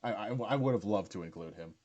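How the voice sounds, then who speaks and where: A man's voice: low-pitched, quick pace, darkish tone, dull audio. A young man chatting casually as he rewatches his own series, stammering, restarting and laughing easily.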